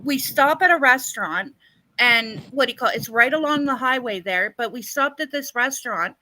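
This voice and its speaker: A woman with a Canadian accent, co-hosting a live stream and telling a rambling story, often pausing on "what do you call it". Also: a little high, lively intonation, sharp tone, no room sound, rough recording. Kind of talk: casual storytelling chat.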